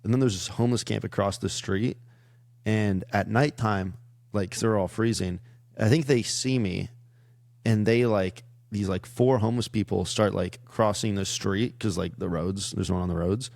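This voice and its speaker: Gravelly low-voiced man telling a story. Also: normal speed, dry recording. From Iowa. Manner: rambling, many "like" fillers, animated retelling. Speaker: comedian guest. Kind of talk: casual storytelling chat.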